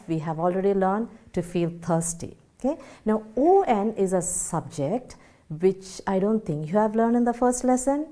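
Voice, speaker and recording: A woman's voice: medium pitch, lively intonation, normal speed, mellow. A woman teacher with an Indian English accent giving a French lesson, explaining patiently step by step, spelling out letters and checking in with "okay?". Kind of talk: spoken language lesson.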